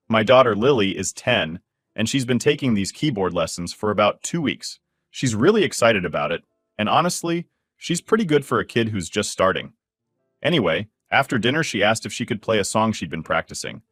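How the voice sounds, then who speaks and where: A man's voice: on the low side, fairly bright tone, no room sound. A man narrating a first-person story in a blunt, angry way, swearing freely. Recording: dry voice with faint music behind.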